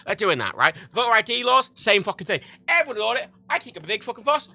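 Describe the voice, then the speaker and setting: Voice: medium pitch, expressive, quick pace, hardly any pauses, bright, forceful tone. A livestreamer ranting heatedly and profanely in casual talk while playing a game.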